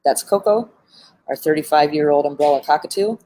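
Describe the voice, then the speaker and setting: Earnest woman trainer with a low voice. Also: fairly quick, dark tone, slight background noise, poor audio. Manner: earnest and heartfelt, with frequent "um" fillers. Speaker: animal behavior trainer. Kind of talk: live-streamed talk with advice. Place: animal center, sitting among birds.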